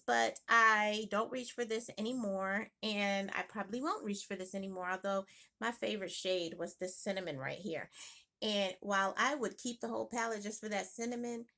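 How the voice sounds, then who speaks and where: A woman chatting casually in a home makeup vlog, thinking aloud with quick exclamations. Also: mid-range voice, sharp tone. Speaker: beauty vlogger. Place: home room.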